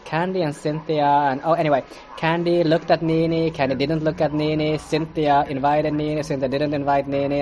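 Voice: medium pitch, level tone, moderate pace, darkish tone, slight background noise. Solo podcast host, casual and profane, sarcastic, stumbling through restarts. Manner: rambling with stammers and restarts. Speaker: podcast reviewer. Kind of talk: casual commentary monologue.

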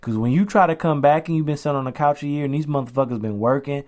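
Man co-host, young adult, casual slangy podcast chat, animated storyteller. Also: fairly high pitch, racing, slight background noise.

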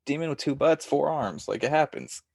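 A man co-hosting a podcast, chiming in on a movie recap with low-key, dry remarks in casual chat. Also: expressive, fairly quick, vocal fry, a little mellow, husky, dry recording. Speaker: podcast co-host.

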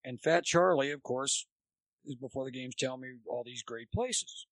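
A man, a former college baseball coach, chatting as a guest and telling long, animated anecdotes. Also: medium pitch, moderate pace, dry recording. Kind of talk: rambling anecdotal storytelling.

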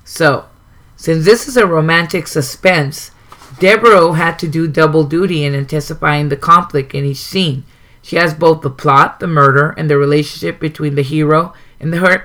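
Bright-voiced man reading aloud. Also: fairly high pitch. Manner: plain reading with occasional ums and asides. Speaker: host reading a writing guide. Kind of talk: reading a book aloud with comments.

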